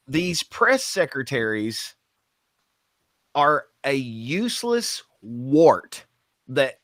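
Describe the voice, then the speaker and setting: A man's voice: mid-range voice, big pitch swings, very slow, long pauses, fairly bright tone, dry recording, clean studio sound. A man co-hosting a casual podcast, ranting bluntly and swearing. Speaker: podcast co-host.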